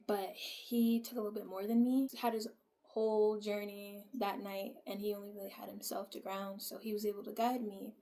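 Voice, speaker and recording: A woman vlogger telling a personal story in a casual, soft way, full of "like" fillers and often dropping to a near-whisper. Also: mid-range voice.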